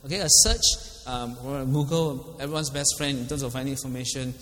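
A man's voice: medium pitch, fairly quick, a bit bright. A middle-aged man with a Singaporean English accent, preaching in a casual, chatty way, laughing often and asking listeners by name. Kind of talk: casual sermon with questions to the congregation. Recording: long hall reverb.

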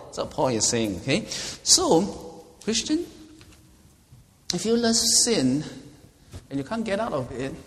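A man preaching a sermon as a pastor, laughing often and loudly acting out the words he quotes. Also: fairly high pitch. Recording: long hall reverb.

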